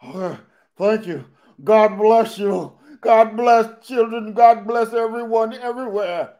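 Mellow mumbling frozen guy, slurred lazy talk, voiced slightly high by a man. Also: slow pace, muffled recording. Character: frozen man mumbling through stiff cold lips.

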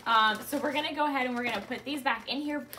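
A woman's voice: high voice, fast, sharp tone, a little hiss or hum. A woman in her thirties, a mother hosting a casual unboxing with her kids, gushing and easily moved. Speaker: mother and channel host.

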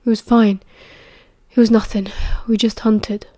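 A woman with a British accent reading the lines of a tense young werewolf man in an audiobook, in terse, low-key replies. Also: level tone, unhurried, mellow. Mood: subdued.

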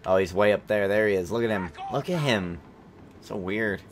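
A young man casually commenting while playing a video game, chatty, excitable and self-mocking. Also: fairly low pitch, normal speed, a little hiss or hum. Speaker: gaming commentator. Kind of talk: casual let's-play commentary.

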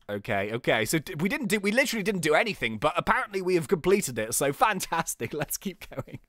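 A young man hosting a gaming channel, giving chatty, excitable play-by-play commentary and often laughing at the game. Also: high-pitched, fast, hardly any pauses, dry recording, clean studio sound.

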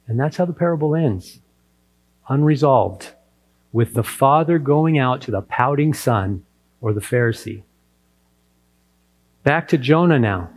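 Man, pastor, sermon, storytelling delivery, acts out quotes, mid pitch. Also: animated, a little slow, pauses often. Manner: storytelling preacher who acts out the characters' quotes.

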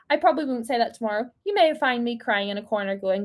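A woman's voice: high-pitched, animated, fairly quick, hardly any pauses. A woman in her twenties leading a casual faith talk for a group, playful and encouraging, laughing often. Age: 20s. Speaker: small group leader.

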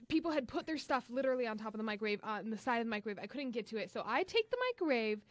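A woman's voice: fairly high pitch, no echo. A young woman co-hosting a college radio morning show, chatting playfully and laughing often. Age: young adult. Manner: animated and playful, quick to laugh. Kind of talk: casual chat.

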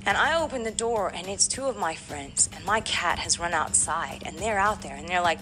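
A woman guest in a candid podcast interview, telling a painful personal story with animated emotion. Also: medium pitch, normal speed, hardly any pauses, faint music behind.

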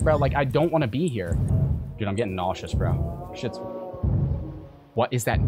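A man's voice: medium pitch, very animated, moderate pace, long pauses. A young man streaming a horror game, muttering to himself, then shrieking and cursing in panic. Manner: swings from mumbling to panicked shrieking and swearing. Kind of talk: gaming commentary. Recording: game music playing behind.

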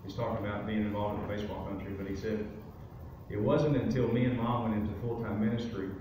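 A man's voice: fairly low pitch, background noise. A man giving a guest testimony at a church service, telling a personal story in a loose conversational way with many fillers. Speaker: guest speaker. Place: church sanctuary. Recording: very echoey room, from far off.

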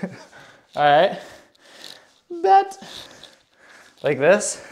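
His voice is high and a little mellow, swinging hugely in pitch and drawing out words as he works out live. The out-of-breath fitness streamer chats with viewers in a hyped, slangy way, reading the chat aloud mid-exercise.

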